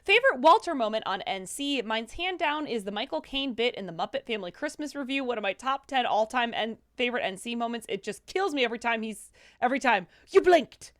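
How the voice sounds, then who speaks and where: A woman's voice: fairly high pitch, animated, fast talker, few pauses, fairly bright tone. A woman co-hosting a stream, reading viewer questions and thanks aloud and tripping over words now and then. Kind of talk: reading chat messages aloud.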